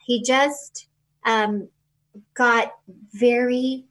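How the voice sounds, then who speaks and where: A woman being interviewed, telling a personal story in a halting, emotional way with many fillers and restarts. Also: fairly high pitch, steady tone, fairly bright tone, rough recording. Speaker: interview guest.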